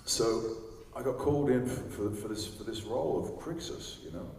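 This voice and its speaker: At a large convention hall, a man in his forties speaks as a panel guest, sharing chatty anecdotes with a live audience at moderate pace in a medium-pitched, slightly mellow voice. He laughs often and acts out other people's lines. The recording is echoey and distant, with a little hiss or hum.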